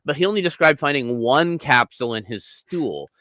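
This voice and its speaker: A man co-hosting a podcast, talking casually with a lot of swearing and ranting that builds to shouting. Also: medium pitch, animated, moderate pace, no echo, poor audio. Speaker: podcast co-host.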